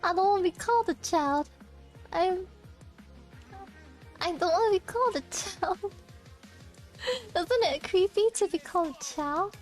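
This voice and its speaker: A woman's voice: very high-pitched, measured pace, pauses often, soft background music. A young adult woman VTuber chatting casually with her stream, with a childlike voice, giggling often and teasing back at chat.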